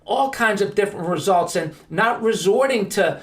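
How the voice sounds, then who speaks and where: A man's voice: high voice, expressive, moderate pace. A man hosting a podcast, telling stories in an earnest, emphatic monologue. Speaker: podcast host.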